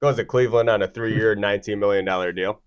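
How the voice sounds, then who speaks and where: Brief: man, fairly low voice, dry close sound, casual football podcast host running through signings. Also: fairly even intonation, fast, smooth, no room sound, dull audio. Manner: reads off stats with laughs. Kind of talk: casual sports chat.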